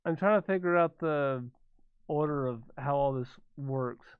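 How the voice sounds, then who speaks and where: A man hosting a react video, making relaxed, agreeable remarks in casual chat. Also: fairly high pitch, a little slow, clear, resonant tone, dry recording. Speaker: react channel host. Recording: tinny, dry lo-fi sound.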